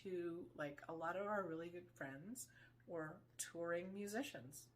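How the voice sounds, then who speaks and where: A middle-aged woman co-hosting a casual chat over drinks, telling stories in an animated way and acting out what people said. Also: fairly low pitch, measured pace, slight background noise. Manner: animated storyteller, acts out quotes. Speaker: podcast co-host.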